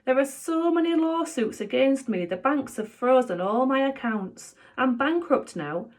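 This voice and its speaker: A woman voicing an emotional, soft-hearted middle-aged father who talks in a gushing, overwrought way in a storybook. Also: high-pitched, expressive, measured pace, voice pushed up.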